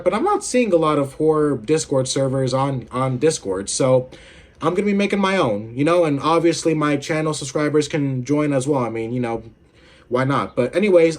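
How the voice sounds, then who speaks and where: A man's voice: a little high, brisk. A young man hosting a casual video game commentary, rambling and swearing with lots of filler words while feeling unwell with a headache. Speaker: gaming video host.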